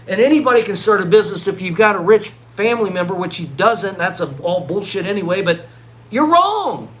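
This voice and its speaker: Man, middle-aged, fairly high voice, worked-up ranting vlog, stumbling restarts. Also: fast. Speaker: vlogger.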